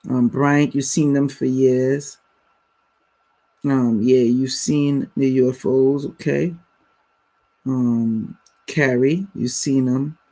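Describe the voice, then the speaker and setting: A man's voice: medium pitch, steady tone, slow, mellow. A man hosting a live stream, talking bluntly and casually to his viewers in slang. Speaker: livestream host.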